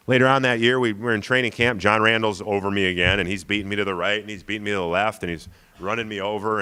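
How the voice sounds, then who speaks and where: A man in his forties with a fairly low voice gives a lecture full of stories. He is casual and self-deprecating and keeps checking in with the audience by asking "right?". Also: fairly bright tone. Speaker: guest lecturer.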